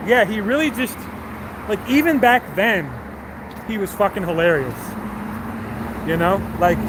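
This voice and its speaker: Young male streamer, slightly high voice, rambling profane chat on a night walk, faint traffic behind. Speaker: live streamer. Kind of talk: casual chat to stream viewers. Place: city street at night, outdoors.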